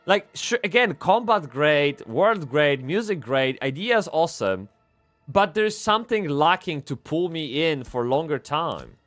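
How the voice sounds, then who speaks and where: A man streaming a game live, rambling and swearing as he swings from excited yelling to low muttering. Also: a little slow, faint music behind. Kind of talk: live gameplay commentary.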